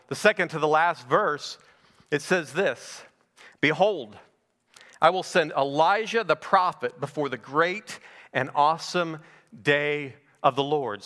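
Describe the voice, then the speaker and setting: A man's voice: fairly high pitch, bright, forceful tone, in a large hall. A middle-aged male pastor giving a conversational verse-by-verse sermon, asking rhetorical questions as he goes. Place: church sanctuary.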